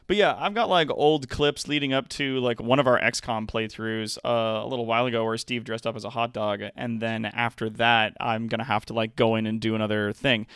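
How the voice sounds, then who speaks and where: An upbeat man hosts a live stream and chats loosely with his audience, wandering from thought to thought with many fillers. His voice is smooth and clean, with a middle pitch. It is recorded close and dry on a desk microphone, with no room sound. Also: a bit bright, dry recording. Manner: rambling, upbeat, lots of fillers. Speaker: live streamer, show host. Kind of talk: casual live-stream chat.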